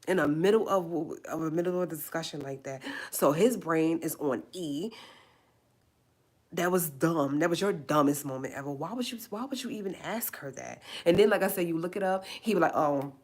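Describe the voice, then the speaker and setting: A woman with a low voice speaks in on her live stream. She rants with emphasis and goes back over the same phrases again and again. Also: moderate pace, darkish tone. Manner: indignant, emphatic, repeats phrases. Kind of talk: impassioned live-stream rant.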